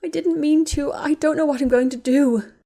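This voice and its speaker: A woman reading a story aloud and voicing a distraught young woman, speaking high and tearful. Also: steady tone, moderate pace, mellow. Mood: sobbing. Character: young woman, sobbing and desperate.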